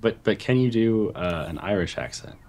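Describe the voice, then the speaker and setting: Man, low and slightly husky, casual gamer chat, animated storyteller. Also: moderate pace. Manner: animated storyteller, stumbles and restarts. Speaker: game co-player. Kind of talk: casual chat while gaming.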